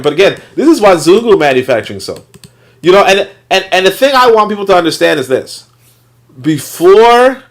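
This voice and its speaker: A man hosting a book reading, talking in a loose, rambling way with many fillers and some swearing. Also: fairly high pitch. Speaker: host reading and commenting on a book. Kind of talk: casual livestream commentary.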